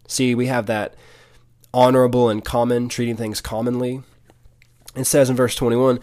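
A man's voice: medium pitch, flat delivery, moderate pace, pauses often, warm tone. A man teaching from the Bible in an earnest, conversational way, often restarting and repeating words. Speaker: podcast preacher.

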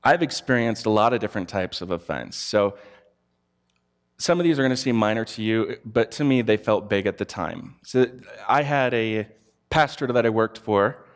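A man's voice: lowish voice, expressive, normal speed. A man giving a conversational sermon, telling personal stories candidly. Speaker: preacher.

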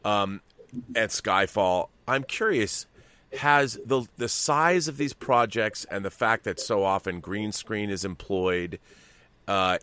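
A man's voice: lowish voice, slow, sharp tone, clean tone. A man hosting an interview podcast, asking curious questions and searching for his words as he goes. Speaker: podcast host.

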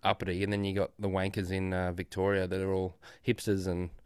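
Aussie cohost, low smooth voice, blunt cheeky banter. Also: male voice, completely flat delivery, fairly quick, dry recording, clean studio sound. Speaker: podcast co-host. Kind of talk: casual podcast chat.

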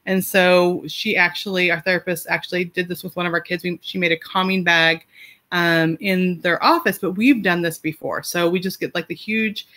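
A woman's voice: on the low side, steady tone, normal speed, bright, forceful tone. A woman in her forties, a parent giving casual advice, talking in a chatty way with lots of fillers, restarts and light laughs. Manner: laughs lightly mid-sentence.

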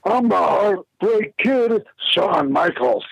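A man's voice: sits high, expressive, slow, gravelly, breathy edge, dry recording, muffled recording, full character voice. A man doing a cocky wrestling star.

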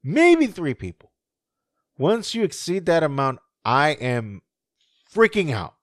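Brief: man co-hosting a podcast, lively swinging pitch, swears freely, laughs a lot, dry close sound. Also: takes it slowly, no echo. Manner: animated, profane, laughs often. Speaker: podcast co-host. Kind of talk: casual chat.

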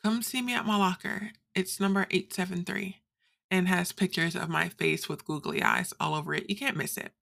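An actress playing a quirky teenage girl who reads the morning school announcements in an audio drama, with a breezy, deadpan delivery. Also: lowish voice, moderate pace, creaky. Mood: reassuring, chatty.

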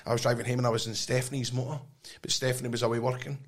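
A man's voice: medium pitch, racing. A Scottish man co-hosting a podcast, telling a funny story in casual chat and acting out the voices with frequent laughs. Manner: animated storyteller, acts out voices and laughs often. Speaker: podcast co-host. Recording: noisy background.

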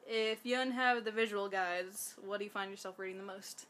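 A woman from the American deep south co-hosting a podcast, joking in a playful, deadpan way. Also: fairly quick, a little hiss or hum. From deep south of the USA. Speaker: podcast co-host. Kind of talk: casual podcast chat.

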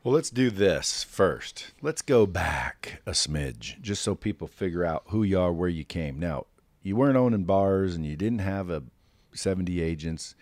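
A brash male podcast host with a very low voice, recorded close and dry in the studio. He jokes and swears freely as he banters with his guests, loose and confident. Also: expressive, a little slow, a little mellow, dry recording. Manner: brash, profane, jokey. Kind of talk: casual interview banter. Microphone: studio microphone.

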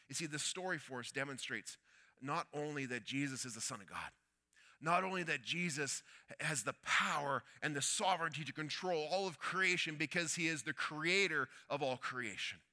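A man preaching a sermon, telling a story that swings between loud urgency and hushed quiet. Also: fairly high pitch, normal speed.

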